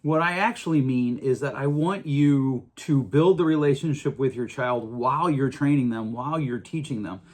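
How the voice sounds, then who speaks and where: A man's voice: mid-range voice, normal speed, few pauses. A middle-aged man hosting a podcast, talking earnestly in a casual monologue with frequent restarts. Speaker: podcast host.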